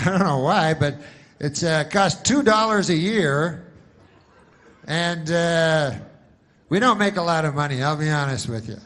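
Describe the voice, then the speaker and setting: A man putting on a pushy middle-aged insurance salesman who makes an overly friendly sales pitch. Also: fairly bright tone.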